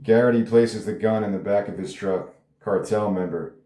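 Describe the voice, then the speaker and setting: Casual male writer reading his script; low, mellow voice, echoey room. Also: steady tone, normal speed. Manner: rambling, casual, swears. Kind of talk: table read with commentary. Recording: roomy echo.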